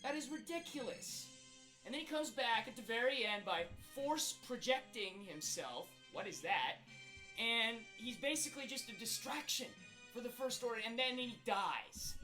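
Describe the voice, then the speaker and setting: A man's voice: very high-pitched, lively intonation, moderate pace, pushed and bright, soft background music, heavily acted, poor audio. A man playing an exaggerated angry version of himself in a comedic rant, exasperated and full of rhetorical questions. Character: hot-tempered young man, exaggerated angry self. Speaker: video creator.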